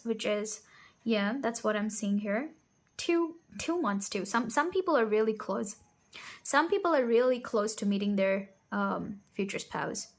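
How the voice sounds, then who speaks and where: A woman's voice: fairly high pitch, bright, forceful tone. Blunt, reassuring woman reading tarot. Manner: direct, reassuring, keeps asking "okay?"; laughs often and is openly blunt. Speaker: tarot reader. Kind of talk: pick-a-card tarot reading.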